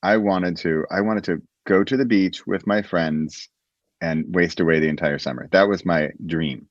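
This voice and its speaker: A low-voiced American man reminisces as a podcast guest, circling back on his words as he thinks aloud. The audio is dull and lo-fi, with a dry, close sound. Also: moderate pace, no room sound. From United States. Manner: reflective, rambling with restarts. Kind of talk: casual interview storytelling.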